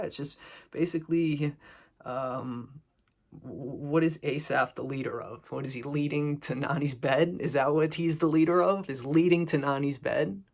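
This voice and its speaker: Guy from boston doing a show recap, gravelly voice, swears a lot, rambles and cracks jokes. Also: medium pitch. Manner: rambling, profane, joking asides. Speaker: recap video host. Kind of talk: casual recap commentary.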